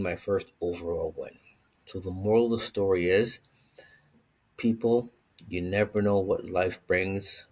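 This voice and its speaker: A man with a somewhat low, husky voice tells a personal story straight to his viewers. He keeps it casual and animated, slipping into the voices of the people he quotes. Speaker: vlogger.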